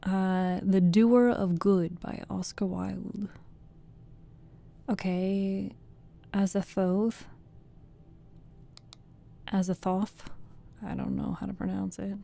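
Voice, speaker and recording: A woman streamer reading bedtime poems in a soft voice, then chatting with viewers in a rambling way. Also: mid-range voice, little pitch movement, takes it slowly, gravelly. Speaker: storytelling streamer.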